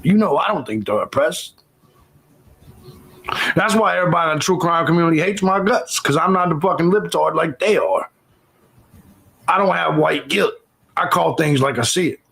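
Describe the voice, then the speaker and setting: A man's voice: a little high, expressive, moderate pace, gravelly, long pauses, fairly bright tone, low-quality recording. A man hosting a livestream, talking bluntly and profanely and thanking viewers for donations in casual commentary. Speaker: livestream host.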